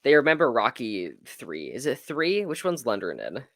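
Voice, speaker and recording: A man co-hosting a podcast, chatting casually about sports and acting out quotes in an animated way. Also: medium pitch, normal speed, dry recording, studio quality. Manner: animated, acts out quotes with swearing. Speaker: podcast co-host. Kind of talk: casual sports debate chat.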